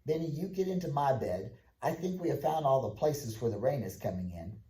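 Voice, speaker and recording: A man's voice: mid-range voice, lively intonation, a little fast, dark tone, close to an everyday voice. A man reading a children's story, voicing a sensible teenage boy who takes charge as the eldest brother, in an echoey room.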